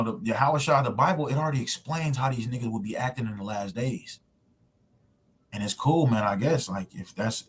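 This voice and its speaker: A man with a medium-pitched, slightly breathy voice preaches a sermon to camera in casual slang. He presses his points with rhetorical questions, recording a street preaching sermon video at home with screen share.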